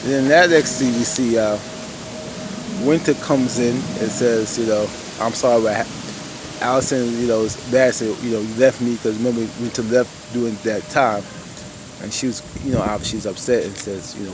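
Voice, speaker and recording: Over some background noise, a man with a fairly low, steady voice recaps an episode at a moderate pace. He's a TV reviewer who wanders through it casually, saying "you know" constantly and addressing viewers as "y'all."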